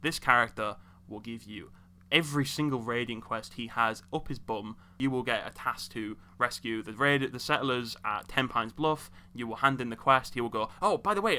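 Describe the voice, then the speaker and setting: A man's voice: medium pitch, bright, forceful tone. A young man ranting in exasperation about video game characters, scolding them directly. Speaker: video host.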